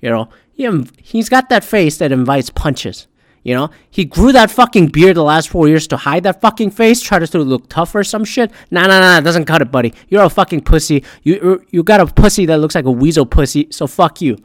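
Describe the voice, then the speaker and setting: A man's voice: on the high side, animated, brisk, no echo. A man ranting crudely and sarcastically, swearing constantly as he comments like a podcast host. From Pacific Northwest.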